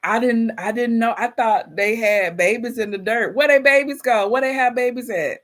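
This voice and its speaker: A woman's voice: on the high side, normal speed. A woman hosting a casual livestream, chatting straight to her viewers and telling stories playfully, often laughing. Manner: animated, playful storytelling with frequent laughter. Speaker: livestream host reading chat.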